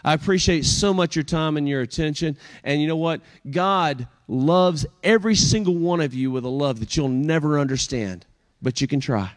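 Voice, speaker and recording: A man's voice: fairly high pitch, normal speed. Earnest man preaching a sermon. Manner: earnest, with pointed rhetorical questions. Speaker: guest preacher. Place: church service.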